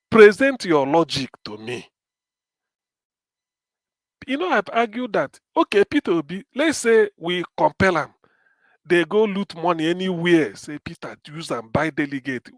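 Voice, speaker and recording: A Nigerian man with a notably high voice delivers animated political commentary on a live stream. He moves freely between English and Pidgin, and the sound is close and dry. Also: dry recording.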